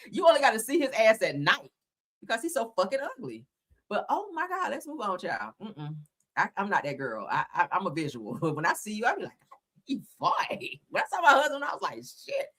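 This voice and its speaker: Brief: woman in her thirties, gossip host, bright lively voice, blunt and profane, quick to laugh. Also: mid-range voice. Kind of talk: casual gossip commentary.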